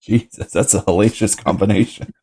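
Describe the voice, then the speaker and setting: A young man hosting a podcast, chatting in a laid-back way and quick to laugh and joke along. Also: fairly low pitch, dark tone. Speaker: podcast host. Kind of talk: casual chat.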